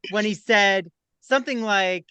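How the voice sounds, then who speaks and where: Male podcast host, playful gossip chatter, bright smooth voice. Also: high voice, no room sound. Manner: playful, mocking, quick to joke. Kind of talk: casual gossip chat.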